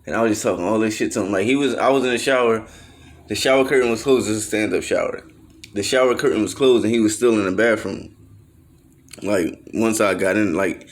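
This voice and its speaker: Low-voiced man telling a loose story. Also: a little fast. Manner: loose slangy storytelling, acts out quotes in raised voices; swears freely, trails off with fillers. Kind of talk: casual storytelling monologue.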